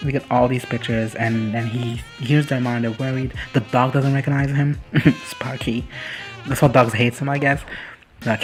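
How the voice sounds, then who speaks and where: A man's voice: mid-range voice, fairly even intonation, normal speed, soft background music. A man giving a casual, foul-mouthed recap of a TV episode, laughing often and acting out the characters. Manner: crude, swears freely, laughs often, acts out characters. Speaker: reaction vlogger.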